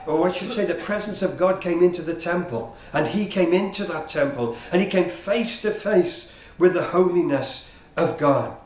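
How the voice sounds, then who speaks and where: A man preaching a sermon with rhythmic, repeated emphatic phrases. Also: fairly high pitch. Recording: roomy, distant from the mic.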